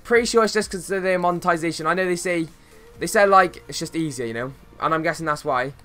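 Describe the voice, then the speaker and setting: Chatty young gaming streamer, bright voice. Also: male voice, on the high side, fast talker, soft background music. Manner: chatty, slangy, greets viewers, bursts of excitement at plays. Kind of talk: casual live-stream chat while playing.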